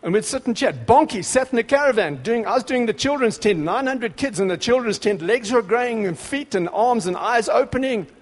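High-voiced man preaching in a reverberant hall. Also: a little fast, few pauses. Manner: emphatic, repetitive exhortation; grows louder and more excited. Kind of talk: sermon.

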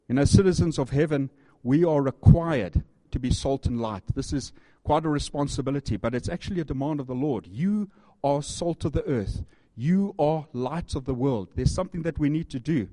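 A male pastor delivers a sermon with a mellow, dark tone. He reads scripture aloud, repeats phrases and asks the congregation questions with earnest emphasis. The sound is dry and close. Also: on the high side, moderate pace, hardly any pauses, dry recording.

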